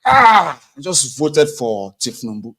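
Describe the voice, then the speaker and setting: A man doing a giddy, high-pitched bribed voter. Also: very animated, takes it slowly, a bit bright, husky, heavily acted. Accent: Nigerian. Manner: breathless, exclaiming, mock-pious. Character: excitable bribed voter boasting of spiritual power, man.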